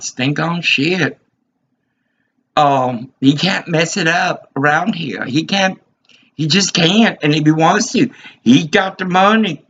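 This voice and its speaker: A man's voice: a little high, fairly bright tone, husky. A man in his fifties giving an agitated, rambling monologue, repeating himself as he vents. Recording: dull lo-fi recording.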